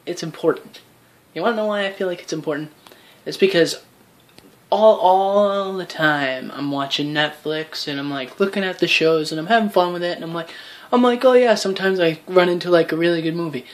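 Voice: mid-range voice, a little fast. Rambling profane vlogger rant. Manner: profane, rambling, animated with acted-out quotes. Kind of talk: rambling casual rant to camera.

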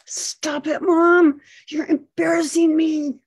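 A man's voice: very high-pitched, little pitch movement, takes it slowly, pitched above the performer's own voice, exaggerated voice. A woman voicing her agitated, overwhelmed young adult son, tense and pleading, in a storytelling recording. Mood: fierce.

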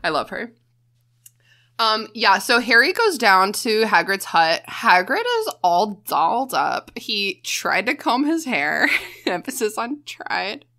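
A young woman co-hosts a podcast in casual conversation, animated, laughing often and swearing freely. She speaks slowly in a mid-range voice.

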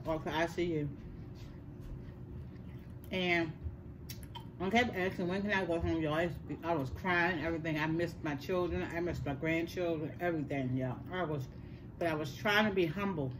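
A woman's voice: lowish voice, background noise. Older woman telling a story. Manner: animated, repeats words for emphasis, addresses listeners as y'all. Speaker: host. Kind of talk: casual storytelling.

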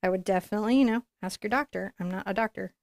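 A woman's voice: medium pitch, very fast, gravelly, darkish tone, slight background noise. A woman giving a live painting tutorial, chatting and encouraging as she works and thinking aloud. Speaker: painting instructor.

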